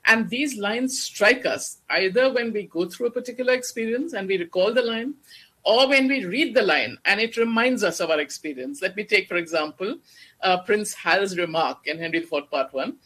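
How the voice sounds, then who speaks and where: A lecturer with a bright, clear-edged tone speaks at a steady mid pitch. The delivery is measured and explanatory, like an academic lecture to an audience. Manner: measured, explanatory, slows down to recite verse. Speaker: guest lecturer on Shakespeare.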